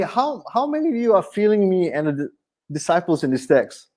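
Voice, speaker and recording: High-pitched male pastor in his thirties, chatty and animated sermon style. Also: fairly quick. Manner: animated, conversational preaching with humor.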